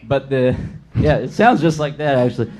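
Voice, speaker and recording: A man's voice: mid-range voice, animated, normal speed, a little mellow. Hesitant young man telling a rambling story. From Los Angeles. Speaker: guest comedian. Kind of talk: telling a story on a live comedy podcast.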